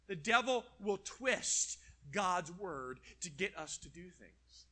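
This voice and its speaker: Bright high-voiced man preaching. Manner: animated, acts out quoted voices, drops to a near whisper at times. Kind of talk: sermon.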